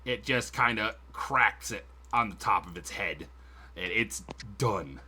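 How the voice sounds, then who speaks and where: A man's voice: lowish voice, lively intonation, measured pace, pushed and bright, husky. A man running a tabletop game as game master, casual and swearing, with frequent laughs. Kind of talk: narrating a tabletop game on stream.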